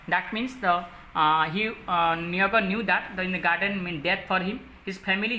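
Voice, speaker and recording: A woman teacher with an Odia English accent, explaining a story and listing word meanings in a halting way with many fillers. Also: mid-range voice, bright, forceful tone, slight background noise. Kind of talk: classroom lesson explaining a story.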